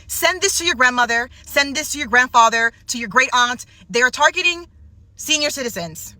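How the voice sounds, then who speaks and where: A woman bank worker warns viewers, pleading and emphatic. Her voice is bright and sits a little high, recorded close and dry. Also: animated, moderate pace, dry recording. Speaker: bank employee. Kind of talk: urgent warning to viewers.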